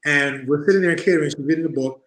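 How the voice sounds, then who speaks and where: A man's voice: a little high, racing. A man guest, a former wrestler, telling casual stories and acting out the people in them, at a convention venue. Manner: animated, acts out the people in his stories. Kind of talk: casual storytelling. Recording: roomy echo.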